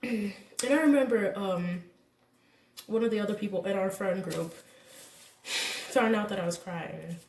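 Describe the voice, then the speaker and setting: A young woman vlogger casually telling a personal story, candid and animated, acting out what people said. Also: medium pitch, unhurried, pauses often, far from the mic, a little hiss or hum. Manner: candid, animated retelling with quoted voices and laughs. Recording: echoey room, voice a bit off-mic.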